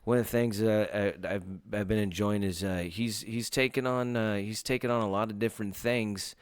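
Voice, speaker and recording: A man's voice: on the low side, fairly even intonation, moderate pace, smooth, dry recording. A man hosting a casual podcast, rambling loosely with lots of hesitations. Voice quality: rambling, lots of fillers and restarts. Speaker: podcast host.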